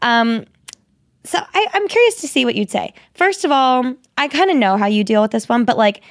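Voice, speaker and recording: A young woman co-hosting a podcast, chatty and warm, with lots of "like" in casual talk. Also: on the high side, animated, normal speed, dry recording, studio quality. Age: young adult. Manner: chatty and warm, says "like" often. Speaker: podcast co-host. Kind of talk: casual chat.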